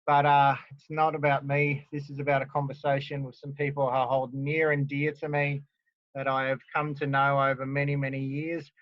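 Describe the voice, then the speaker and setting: A man's voice: mid-range voice, monotone, normal speed, no echo. Queensland Australian man in his forties, easygoing host, dull dry sound from a backyard. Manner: chatty, laughing, filler-heavy. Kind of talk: casual interview chat. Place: backyard, outdoors.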